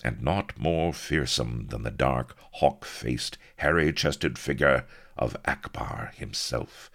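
Very deep, slow, gravelly male narrator. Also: fairly bright tone. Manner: dry, deliberate storytelling. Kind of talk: comic audiobook narration.

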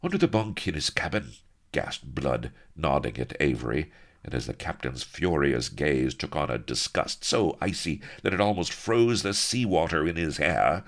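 A man's voice: extremely low pitch, lively intonation, moderate pace. A man reading a comic adventure story aloud with wry, mock-heroic narration.

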